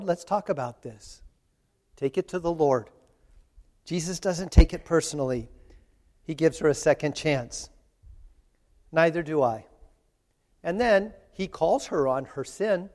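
A man giving a conversational sermon, slowing down for emphasis and laughing at his own asides. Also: fairly high pitch, expressive, a little mellow. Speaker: preacher. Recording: long hall reverb.

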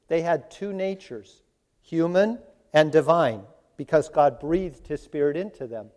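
Speaking to his listeners directly, a man delivers an earnest, pleading sermon in a fairly high, slightly mellow voice. When he quotes God and Jesus he gives them voices, and the hall's reverb trails on long.

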